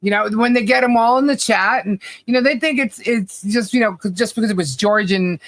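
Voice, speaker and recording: Easygoing podcast co-host, mid-pitched, casual laughter, dry close mic. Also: a bit bright, dry recording. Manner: easygoing, laughs a lot, quick reactions. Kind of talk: casual chat.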